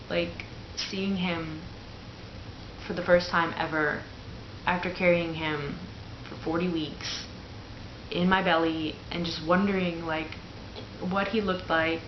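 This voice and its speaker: A young woman with a lowish voice tells her birth story straight to the camera, frank and chatty, peppering it with "like". The sound is dull and lo-fi, bouncing around a hard, echoey room. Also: noisy background. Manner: candid and chatty, full of "like" fillers. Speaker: new mother telling her birth story. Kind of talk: casual personal storytelling to camera.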